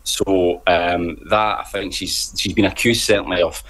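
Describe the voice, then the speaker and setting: A man commenting on a radio panel in a wry, hesitant way with many pauses. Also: deep voice, fairly even intonation, fairly bright tone. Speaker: panel guest.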